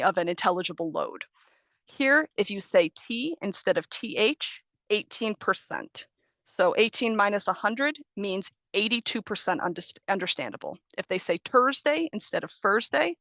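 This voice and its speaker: Over a video call, a young American woman who teaches ESL gives an online training talk in a mid-range, slightly bright voice on a dry recording. She explains patiently, corrects herself along the way, and laughs lightly.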